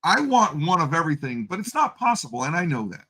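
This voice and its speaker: A man co-hosting a coin collecting livestream, talking with chatty enthusiasm. His voice sits high for a man. The tone is bright and sharp. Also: very animated, quick pace. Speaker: co-host of a coin collecting stream. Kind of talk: casual chat.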